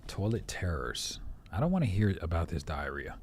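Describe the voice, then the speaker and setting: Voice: low-pitched, sing-song, normal speed, a little hiss or hum. A playful podcast co-host in casual banter, hyping up the show and joking around.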